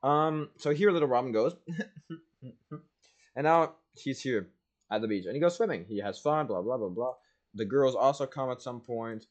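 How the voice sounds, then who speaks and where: A young man streaming, telling a story casually and animatedly, jumping between loud bursts and low asides, full of "like". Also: moderate pace, long pauses. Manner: casual, peppered with "like" and "blah, blah".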